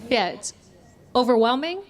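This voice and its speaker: A woman's voice: a little high, lively intonation, normal speed. A woman running a communication workshop, asking the audience questions and demonstrating voice techniques. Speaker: communication trainer. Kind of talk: interactive workshop teaching.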